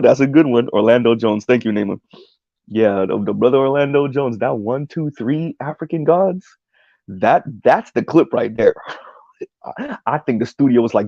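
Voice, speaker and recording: A man's voice: mid-range voice, normal speed, vocal fry, warm tone, no echo, muffled recording. A man giving casual livestream commentary on a video essay, rambling with many ums and tagging his points with "right?". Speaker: streamer reacting to a video essay.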